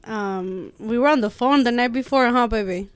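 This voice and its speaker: A woman's voice: on the high side, moderate pace, clean tone. A woman in a casual chat, candid and chatty, cursing as she tells her story. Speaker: guest.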